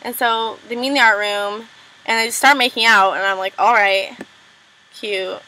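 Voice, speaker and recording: A young woman casually recapping a TV episode, full of "like" and "um", quickly acting out characters' lines. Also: a little high, bright, forceful tone, poor audio. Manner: chatty, lots of "like" and "um", acts out lines in quick impressions. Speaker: recap vlogger.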